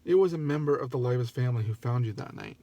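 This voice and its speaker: A man voicing a grieving middle-aged father, speaking gently and regretfully in a soft, earnest tone. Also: mid-range voice, fast, no echo, lightly acted.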